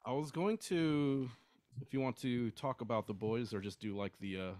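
A man co-hosting a comic book podcast, chatting casually and slipping in deadpan jokes. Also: medium pitch, normal speed, no room sound. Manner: joking, laid-back banter. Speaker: podcast co-host. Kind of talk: casual chat.

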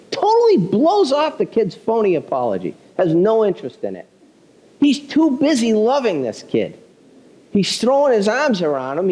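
A male pastor delivering a conversational, self-deprecating sermon, telling a story with animated delivery. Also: high-pitched, low-quality recording.

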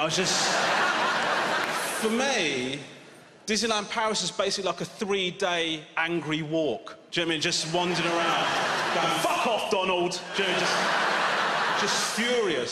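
A man in his forties with an English accent doing a sardonic, exasperated stand-up routine with loud outbursts. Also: fairly high pitch. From England. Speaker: stand-up comedian. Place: large venue with a live audience. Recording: live hall reverb with loud audience noise.

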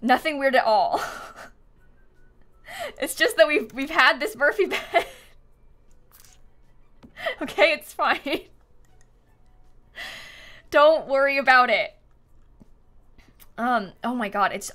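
A bright, fairly high-voiced woman chatting on a live stream as she plays a life-sim game. She giggles often, thinks out loud about her build, and thanks viewers by name. A desk mic picks her up, with keyboard typing behind her. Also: expressive, slow pace, long pauses, faint music behind.

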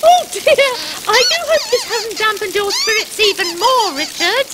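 A tiny female panda puppet with a very high, bouncing voice that swoops all over the place. She is bossy and cheerful, and scolds like a schoolmistress in a sing-song tone. Loud rain and sound effects roar behind her on the studio set. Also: sing-song, measured pace, heavy background noise, full character voice. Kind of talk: children's puppet comedy.

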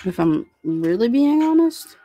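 A woman's voice: fairly high pitch, sing-song, measured pace, mellow, soft background music. A woman hosting a casual live stream, chatting and rambling with lots of fillers as she reads out viewer comments. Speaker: livestream host reading viewer chat.

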